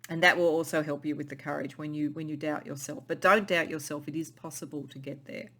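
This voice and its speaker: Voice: medium pitch, fairly even intonation, brisk, fairly bright tone. A tarot reader giving a pick-a-card reading in an intuitive, musing way, often repeating and restarting phrases.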